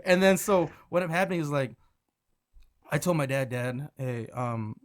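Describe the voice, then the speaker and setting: A man from Michigan spins stories as a podcast guest in casual chat. He is animated, laughs often, and keeps restarting his sentences in a somewhat higher voice. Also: a little fast. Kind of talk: casual storytelling.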